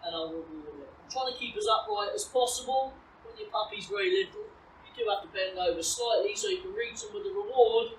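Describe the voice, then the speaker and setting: Woman dog trainer, lively pitch. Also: brisk. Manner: calm explaining, high bright praise when calling the puppy. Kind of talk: outdoor training demonstration. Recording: roomy, distant, faint ambient noise.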